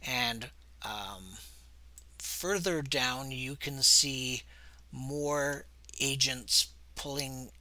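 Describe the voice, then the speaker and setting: A man narrating a tabletop role-playing game as game master in a relaxed, hesitant way. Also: mid-range voice, very slow, dry recording.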